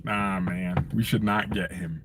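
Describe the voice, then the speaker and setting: A man hosting a fan channel live stream from his parked car, chatting casually with viewers in an animated, joking, ranting way. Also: sits low, a little slow, a little hiss or hum.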